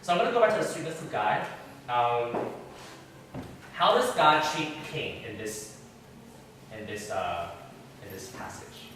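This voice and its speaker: A man's voice: medium pitch, sing-song, measured pace, long pauses, fairly bright tone, a little hiss or hum. A man leading an interactive Bible class in a church room, questioning his listeners in a chatty way. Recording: very echoey room, far from mic.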